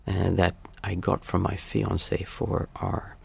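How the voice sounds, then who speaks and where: Guy teaching meditation, low-ish husky voice, thinks out loud and hunts for words. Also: completely flat delivery, takes it slowly. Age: young adult to middle-aged, father of small children. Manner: reflective, searches aloud for the right word. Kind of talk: casual spoken teaching on a livestream.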